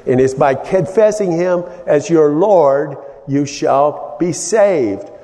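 A man preaches in a slow, unhurried teaching sermon, his voice sitting somewhat high for a man. He explains things haltingly, often restarting his sentences. The sound rings with a long hall reverb. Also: expressive, warm tone. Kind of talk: sermon-style Bible teaching.

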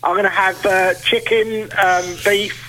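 A man's voice: sits high, little pitch movement, unhurried, rough recording. A man, a regular guest on a local radio show, chatting casually and often repeating and restarting his words. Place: local radio studio, on the phone.

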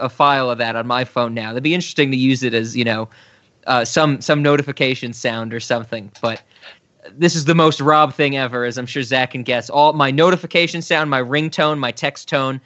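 A man's voice: medium pitch, a little fast, pushed and bright, dull audio. A man co-hosting a podcast in easygoing chat, often laughing. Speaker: podcast co-host. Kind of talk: casual chat.

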